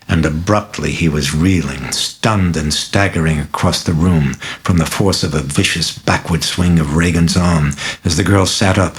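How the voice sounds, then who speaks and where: A man reading his own novel aloud as an audiobook, measured and dramatic. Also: a bass voice, a bit bright, rough recording. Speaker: author reading his book. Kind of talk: audiobook narration.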